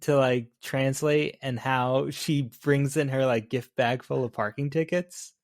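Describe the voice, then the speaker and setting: A male podcast co-host talks through a movie in relaxed chat, laughing readily and asking his partner questions. His voice sits close and dry, with no room around it. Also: medium pitch, unhurried, no room sound. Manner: laughs easily, asks follow-up questions. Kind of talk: casual film review chat.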